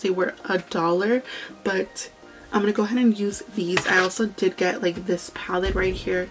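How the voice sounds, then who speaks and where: A woman's voice: mid-range voice, rough recording. A young woman chatting casually through a makeup tutorial, telling a story and swearing freely. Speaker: beauty vlogger.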